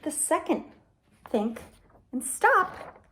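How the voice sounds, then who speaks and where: A woman teaching young children in a gentle, patient, instructive manner. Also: high-pitched, sing-song, drawn-out words, slight background noise. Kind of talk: children's lesson with toys.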